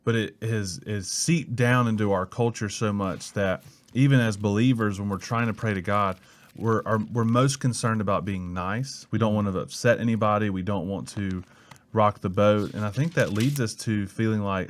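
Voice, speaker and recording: A thoughtful man from Mississippi with a Southern American accent shares his views in a podcast conversation. His voice sits fairly low, and his delivery is measured. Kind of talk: casual faith discussion.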